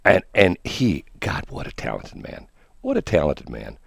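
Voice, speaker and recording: A man hosting a morning radio show with a deep, gravelly voice that swings lively up and down. He rambles and jokes in loose banter. The sound is dry and close on a studio mic. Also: no room sound. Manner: rambling, joking, halting repeats. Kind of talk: casual on-air banter.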